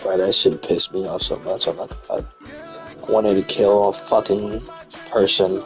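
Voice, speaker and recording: A young man playing a football video game, yelling profane, hot-tempered trash talk at his opponent. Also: sits low, steady tone, unhurried, faint music behind. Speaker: gamer streamer. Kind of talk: casual gaming chat.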